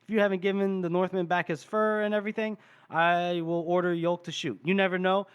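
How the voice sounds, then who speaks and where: A man's voice: sits high, flat delivery, brisk, clean tone, highs cut off, lightly acted. A man voicing a bossy, scheming army corporal while retelling a story on a podcast, in a sly, mocking way.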